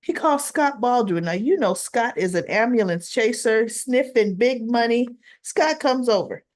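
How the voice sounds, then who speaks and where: A woman with a somewhat high voice reviews a soap opera episode. She chats casually, retells each scene and quotes lines in passing. She keeps dropping her own opinions in between. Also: lively intonation, a little slow, a little mellow. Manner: chatty, retells scenes with quoted dialogue and asides.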